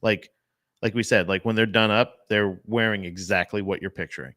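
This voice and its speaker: A man's voice: on the low side, fairly even intonation, normal speed, fairly bright tone, dry recording, studio quality. A man co-hosting a podcast, rambling in casual banter with frequent restarts and laughter. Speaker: podcast co-host.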